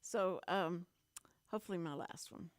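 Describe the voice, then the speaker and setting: A woman hosting a radio talk show, chatting casually and reacting with quick laughs and exclamations. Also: on the low side, dry recording. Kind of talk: casual chat.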